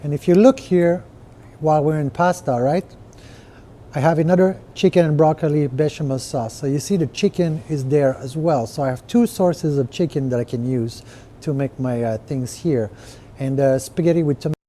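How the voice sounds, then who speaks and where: This restaurant owner and podcaster speaks in a slightly high, mellow voice at a moderate pace, casually explaining his menu over a screen share. He leans on fillers and rhetorical "right?" checks, with slight background noise.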